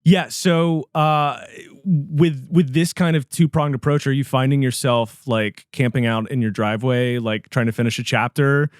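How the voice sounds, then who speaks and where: A man hosting a podcast in his studio, asking questions and backing up his guest with quick affirmations. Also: medium pitch, dry recording. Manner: responsive, lots of affirming interjections. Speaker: podcast host. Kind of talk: casual interview chat.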